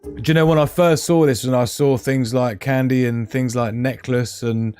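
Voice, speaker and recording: A man's voice: medium pitch, fairly even intonation, normal speed, darkish tone, smooth, no room sound, soft background music. A middle-aged British man hosting a live stream, reading viewer comments aloud in a jokey, chatty way and laughing often. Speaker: livestream host.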